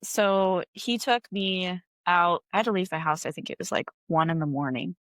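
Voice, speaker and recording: A woman's voice: lowish voice, moderate pace, fairly bright tone, dry recording. A woman from Wisconsin in her thirties, a guest chatting casually in an interview, laid-back and full of "like" fillers.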